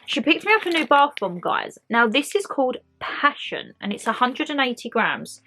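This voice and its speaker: A woman's voice: high-pitched, very animated, normal speed, pushed and bright, slight background noise. Chatty woman vlogger. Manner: chatty and enthusiastic, talks straight to viewers. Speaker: beauty and lifestyle vlogger. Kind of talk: casual monthly favourites chat to camera.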